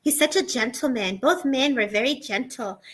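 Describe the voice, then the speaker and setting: A woman hosting a live stream, giving soft, earnest psychic readings and speaking to viewers' departed relatives. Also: high voice, normal speed, slightly rough, rough recording. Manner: soft, earnest, repeats "I feel like". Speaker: psychic medium host.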